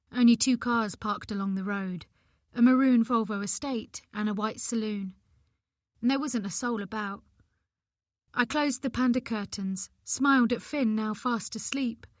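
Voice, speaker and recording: A woman narrating an audiobook in the first person, reading in an expressive, measured way. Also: medium pitch, no room sound, studio quality.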